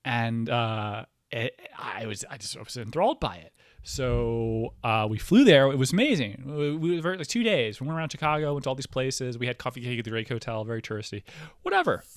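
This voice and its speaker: A man hosting a casual podcast, rambling excitably with lots of fillers, restarts and swearing. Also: medium pitch, fairly quick, no room sound, clean studio sound. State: hyper, excitable. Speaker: podcast host.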